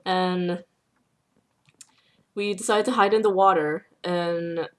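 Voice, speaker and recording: A woman's voice: fairly low pitch, fairly even intonation, slow pace. A young woman hosting a casual chat while playing a video game, telling stories and laughing often. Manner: giggly, laughs often between storytelling. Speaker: channel host.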